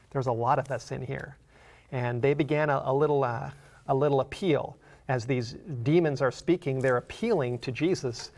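A man teaching a Bible study, who reads scripture slowly and asks the listener earnest questions. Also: medium pitch, steady tone, darkish tone. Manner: earnest, slows down to read scripture aloud.

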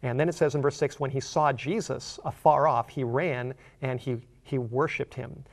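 Gravelly-voiced male preacher. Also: medium pitch, steady tone, normal speed. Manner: conversational, with fillers and repeated words. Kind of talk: sermon reading and explaining scripture.

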